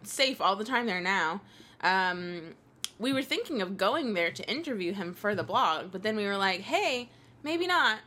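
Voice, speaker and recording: A woman co-hosting a casual chat show, sarcastic and quick to laugh. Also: medium pitch, animated, bright, forceful tone, a little hiss or hum. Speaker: co-host.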